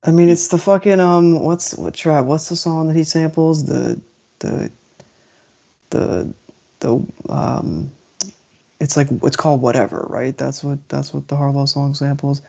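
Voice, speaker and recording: A man's voice: fairly high pitch, fairly even intonation, measured pace, vocal fry, dark tone. A man on a casual music podcast, swearing freely and often groping for words mid-sentence. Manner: profane, gropes for words, dismissive of pop songs.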